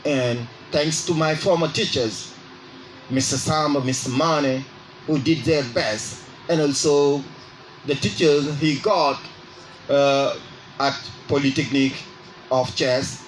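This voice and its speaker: A man hosting a radio English lesson, speaking slowly and repeating phrases so listeners can drill them. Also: on the high side, a little hiss or hum, low-quality recording. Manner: exaggerates rising intonation on example phrases. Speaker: radio English teacher and host. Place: radio studio.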